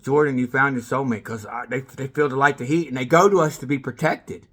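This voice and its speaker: A man's voice: mid-range voice, a little fast, a bit bright. A man rambling in a monologue to camera, calling people out by name and trailing off mid-sentence.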